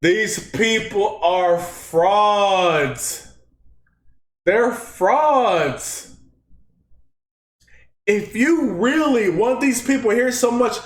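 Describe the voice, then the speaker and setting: A man's voice: high voice, expressive, extremely slow, pauses often, roomy sound. A man with a Texan accent hosting casual political commentary, slangy and mocking, often laughing at his own jokes. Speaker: commentary channel host.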